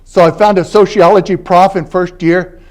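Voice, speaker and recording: Older man, eighties, Philadelphia-raised guest linguist; casual storytelling lecture, a touch high-voiced, keeps asking "all right?". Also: fairly even intonation, moderate pace, darkish tone. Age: 80s. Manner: conversational storytelling, frequent "all right?" check-ins. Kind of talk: university lecture. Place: university library event space.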